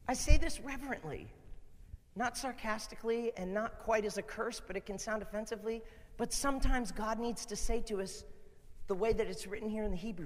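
Pastor guy preaching hard, quiet one minute then shouting, big echoey church sound. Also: high voice, animated, a little fast. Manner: impassioned, swings from hushed to shouting. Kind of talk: sermon. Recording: long reverb of a large hall.

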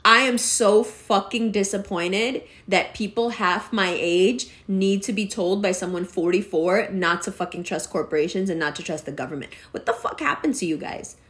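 A woman's voice: mid-range voice, steady tone, normal speed, few pauses, fairly bright tone. A woman in her forties delivering a profane, exasperated rant that scolds her listeners. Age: 40s. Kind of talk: ranting monologue.

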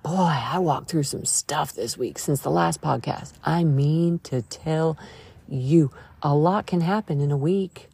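Woman podcast host, low husky voice, mellow, earnest faith talk. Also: a little slow, no echo. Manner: earnest, emphatic and conversational. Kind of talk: devotional podcast monologue.

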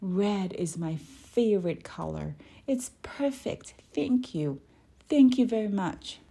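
A woman reading aloud, voicing a shy fourth-grade girl in a high, girlish voice. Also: animated, slow pace, dark tone, husky, heavily acted. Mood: delighted. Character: bullied fourth-grade girl, timid then delighted.

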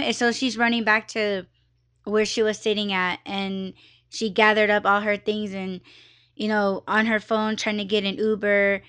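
A young woman hosting her own podcast from her office, telling a story in a chatty, animated way and slipping into quoted voices. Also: medium pitch, unhurried, clear, resonant tone. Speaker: podcast host. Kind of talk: casual storytelling monologue.

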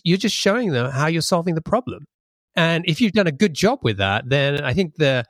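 A man's voice: a little high, dry recording, studio quality. A man hosting a podcast interview, explaining his point in a thoughtful, conversational way. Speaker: podcast host.

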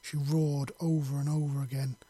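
Husky man reading a story aloud. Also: a little high, little pitch movement, normal speed, warm tone, no room sound. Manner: unpolished reading with slips and restarts. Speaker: story reader. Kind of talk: reading his own fiction aloud.

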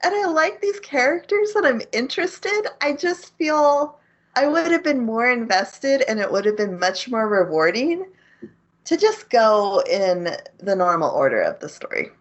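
A woman's voice: fairly high pitch, big pitch swings, measured pace, dull audio. A woman co-hosting a casual podcast, retelling an anime plot and laughing often as she goes. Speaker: podcast co-host. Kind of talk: casual anime recap chat.

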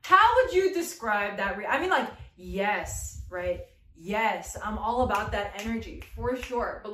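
A woman's voice: mid-range voice, slight background noise. A woman giving a casual, slangy sermon as a youth preacher, joking and talking straight to her listeners. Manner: slangy, animated, jokey, talks to the audience. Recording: echoey room.

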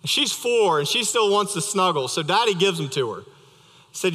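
A man's voice: high voice, expressive, normal speed, bright, forceful tone. A young adult male pastor preaching a sermon, conversational and storytelling with light humor, in a church sanctuary. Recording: reverberant church hall.

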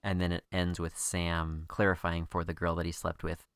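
A man in his thirties with a very low voice co-hosts a podcast in easy, casual chat. He keeps tossing in playful jokes. The recording is close and dry. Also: flat delivery, moderate pace, vocal fry, a bit bright, smooth, no echo. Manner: playful and joking. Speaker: podcast co-host.

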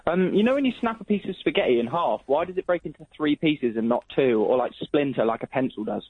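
High-voiced male caller on a phone line. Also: lively intonation, quick pace, husky, no echo. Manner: stubborn and eager. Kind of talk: phone-in call. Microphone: telephone.

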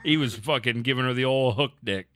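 A man co-hosting a casual podcast, animated and stumbling over his words, laughing often. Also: medium pitch, brisk. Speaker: podcast co-host. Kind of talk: casual chat.

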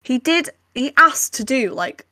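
A woman's voice: high-pitched, expressive, unhurried, bright, forceful tone, dry recording, studio quality. A young woman, co-hosting a casual podcast chat, laughing often and talking with lots of fillers. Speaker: podcast co-host.

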